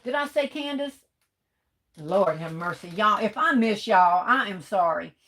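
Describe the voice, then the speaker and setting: Her pitch is medium and her intonation lively, and she keeps a measured pace. She's a middle-aged livestream host who chats casually, reading comments aloud, stifling coughs and sneezes, and welcoming viewers with a warm "hey, baby."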